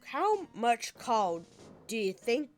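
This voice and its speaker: A woman's voice: on the high side, very animated, slow pace, soft background music. A woman voicing a grumpy, stubborn old male witness in a put-on French-sounding accent. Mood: gruff. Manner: gruff, grumbling.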